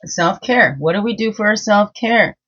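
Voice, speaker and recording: A woman's voice: mid-range voice, normal speed, a bit bright. A woman and medicine woman giving a casual daily card reading, chatty, sing-song and openly emotional. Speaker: spiritual guide and medicine woman. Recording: dull lo-fi sound.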